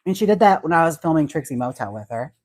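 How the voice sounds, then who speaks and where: A man's voice: a little high, sing-song, fast talker, dry recording. A man hosting a casual livestream, chatty and giggly as he talks about wigs and reads out viewer comments. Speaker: livestream host and wig stylist.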